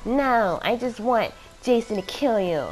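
A woman's voice: on the high side, expressive, unhurried, over music, pitched above the performer's own voice, rough recording. A woman voicing a spiteful female teammate from a game in a whiny, taunting put-on voice.

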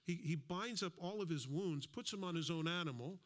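A man's voice: fairly high pitch, brisk, a bit bright. A man preaching a sermon as a pastor, in a conversational style with asides and acted-out quotes. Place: church.

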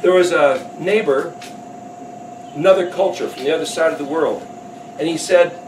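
A man giving a sermon, telling a story lively and acting out the voices of the people in it. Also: fairly high pitch, normal speed, background noise. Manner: animated storytelling, voices the characters with rising emphasis. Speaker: preacher. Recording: echoey hall, speaker far from mic.

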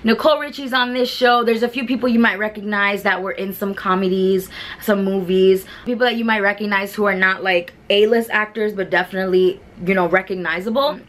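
A woman's voice: medium pitch, fairly even intonation, fairly quick, a bit bright. A woman, chatting casually and rambling through a review of television shows, full of fillers and restarts. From New York. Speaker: beauty vlogger.

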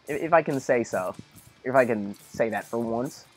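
A man's voice: medium pitch, normal speed, slightly rough, faint music behind. A young man casually rambling through gameplay commentary, tired and easygoing, now and then talking to his dog. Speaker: let's play commentator.

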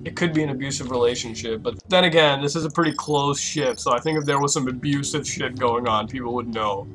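A young man commentating a horror game let's play, swearing a lot and reacting loudly with jumpy outbursts. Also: medium pitch, fairly quick, soft background music. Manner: loud, profane, jumpy reactions. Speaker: gaming YouTuber.

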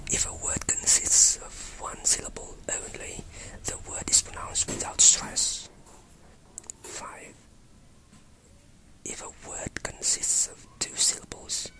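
A pronunciation teacher giving a whispered lesson, carefully enunciating single sounds and word lists close to the mic. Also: rough recording.

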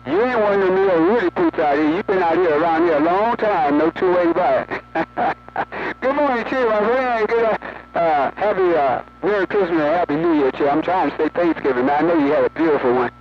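Over a dull, lo-fi radio signal full of loud static, a man with a voice on the high side chats on the air with fellow operators. He talks a little fast with few pauses, rambling in a folksy, repetitive, talkative manner.

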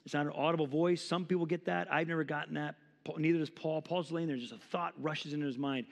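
A man's voice: on the high side, fairly even intonation, fast talker, gravelly, hardly any pauses, in a large hall. A man in his forties preaching a sermon as pastor, impassioned and conversational, acting out quotes. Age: 40s. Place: church sanctuary.

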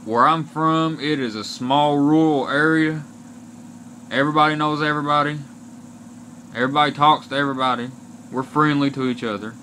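Ranting to camera, a young Kentucky man with an Appalachian accent uses a slightly high voice that is bright, forceful, and steady in tone. The vlogger is blunt and aggrieved, swearing often and speaking slowly and deliberately, with slight background noise.

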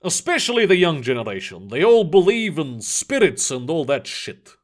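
Gruff blunt foreman from russia, brushing things off, pitch jumping around, read by a male narrator. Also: sing-song, normal speed. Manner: blunt, dismissive.

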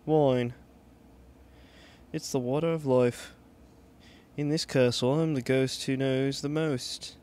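A man's voice: mid-range voice, fairly even intonation, slow pace, pauses often, darkish tone, close to an everyday voice. A man reading game dialogue aloud as a chatty castle ghost in a put-on British accent. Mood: mock-proper.

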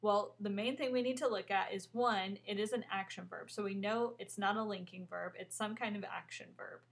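A woman teacher explaining a grammar lesson in a clear, methodical way, with an occasional um. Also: mid-range voice, steady tone, moderate pace.

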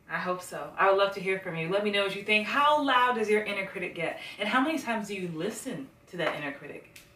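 A woman working as a success coach, giving a lively motivational talk and acting out the voices she quotes. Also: medium pitch, reverberant, recorded from a distance.

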